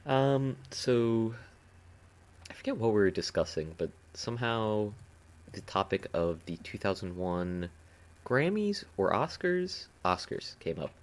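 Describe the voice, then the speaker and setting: Lively, jokey young man co-hosting. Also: on the low side, measured pace. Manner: jokey, slips into silly put-on voices. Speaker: podcast co-host. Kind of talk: casual chat.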